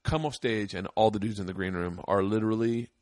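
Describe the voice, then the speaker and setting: A man's voice: lowish voice, fairly quick, no room sound, clean studio sound. A man from the United States hosting a podcast, telling stories in casual chat with lots of swearing and put-on voices. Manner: profane, animated storytelling with put-on voices. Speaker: podcast host.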